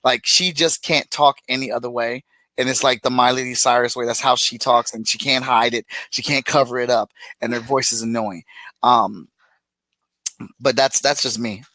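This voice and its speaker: Animated, blunt man podcast co-host with a bright, tense voice. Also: mid-range voice, moderate pace, no echo, low-quality recording. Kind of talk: casual chat.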